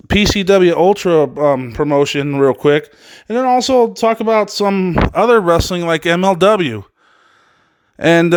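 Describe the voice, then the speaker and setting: A man's voice: high voice, no room sound. Swearing, ranting podcast host, a man.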